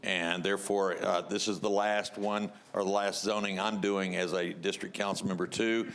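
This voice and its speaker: A council member, a man, making brief informal remarks before renewing a motion, with some halting restarts. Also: deep voice, little pitch movement, a bit bright. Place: council chamber.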